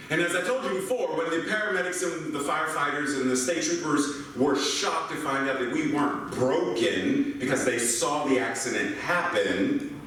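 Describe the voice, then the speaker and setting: An older American man giving a sermon as a minister, telling playful stories and asking the congregation questions. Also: on the high side. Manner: animated, playful storytelling with rhetorical questions. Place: church sanctuary. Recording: echoey hall mic from far off.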